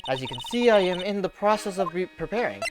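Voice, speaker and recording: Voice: mid-range voice, very animated, fast talker, natural voice. A streamer voicing a stern older woman who speaks with stiff, old-fashioned formality, over game music. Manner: stiff, archaic politeness, repeats "good sir". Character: stern, formal older woman, head of a spirit-medium family.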